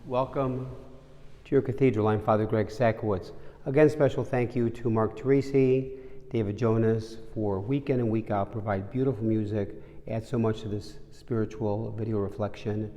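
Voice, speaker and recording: Priest with a mellow voice in a cathedral. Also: male voice, on the low side, fairly even intonation, moderate pace. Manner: warm storytelling, conversational. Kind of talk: sermon reflection. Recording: long reverb of a large cathedral.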